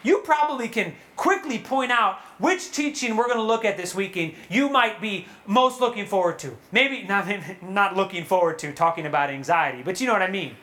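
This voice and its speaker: A woman giving a sermon to young adults at a retreat, animated and asking the audience questions. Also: mid-range voice, moderate pace, few pauses. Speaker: retreat speaker. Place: retreat hall.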